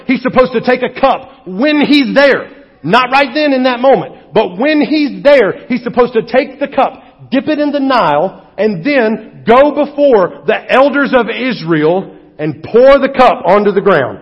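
Man preaching, high voice, breathy, animated, humorous, dull echoey church hall. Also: unhurried. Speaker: pastor. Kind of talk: sermon.

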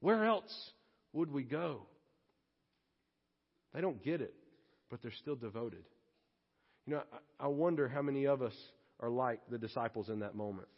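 A man's voice: mid-range voice, brisk. A man, preaching a sermon to his congregation in a church in a conversational, joking way. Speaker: pastor. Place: church sanctuary. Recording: reverberant hall, slightly muffled.

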